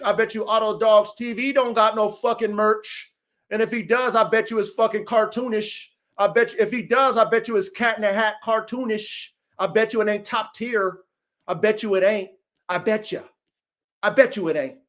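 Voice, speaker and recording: A man's voice: extremely high pitch, a bit bright. A man hosting his own dog-training channel, talking in a brash, taunting, profane livestream rant, tacking "man" onto nearly every line.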